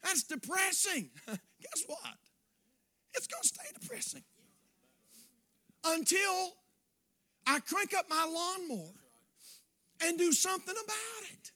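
A preacher man with a very high, bright voice. He preaches in a folksy way, sliding from hushed asides up to shouted appeals. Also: sing-song, slow pace, long pauses. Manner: folksy, swings between quiet asides and shouting. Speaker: pastor. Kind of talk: sermon.

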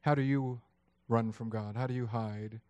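A man in his thirties preaching a sermon, lively and acting out voices of God and people in his story. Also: mid-range voice, normal speed, no room sound, highs cut off. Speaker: pastor.

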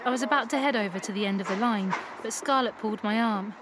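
A woman reading a first-person erotic story aloud in a calm, even storytelling voice. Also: on the high side, quick pace, background noise. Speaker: narrator.

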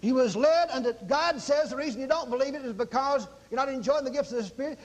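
A man's voice: very high voice, fast. A man preaching a sermon in a folksy, dramatic manner, acting out exclamations as he teaches.

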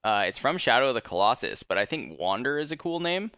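Bright-voiced young man hosting a podcast. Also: mid-range voice, big pitch swings, fast talker, clean tone, dry recording, clean studio sound. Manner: laid-back, rambling with fillers and laughs. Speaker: podcast host. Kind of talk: casual chat.

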